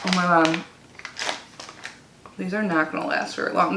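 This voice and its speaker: A woman's voice: lowish voice, fairly even intonation, normal speed, long pauses, sharp tone, a little hiss or hum. A woman chatting casually as she unboxes a subscription box, bubbly and talkative, reading product cards aloud. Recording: echoey room.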